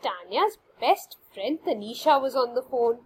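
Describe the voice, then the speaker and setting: Animated woman reading a children's story. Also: fairly high pitch, a little slow, slight background noise, rough recording. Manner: expressive, animated read-aloud.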